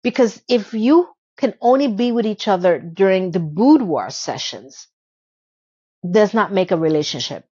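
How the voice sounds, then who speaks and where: A woman's voice: medium pitch, lively intonation, moderate pace, hardly any pauses, dark tone, highs cut off. Chatty woman with sarcastic asides. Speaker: TV episode recap host. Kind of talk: casual chatty commentary.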